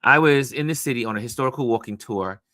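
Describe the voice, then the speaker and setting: A man from New York hosting a casual talk show, telling a story in an animated way with many restarts. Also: medium pitch, fast talker, no echo, clean studio sound. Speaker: host.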